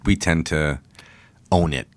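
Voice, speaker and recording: A man from New Jersey with a slightly nasal voice, co-hosting a casual chat and cracking quick jokes. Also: extremely low pitch, no echo. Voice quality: a little nasal. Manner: jokey, quick quips. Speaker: podcast co-host.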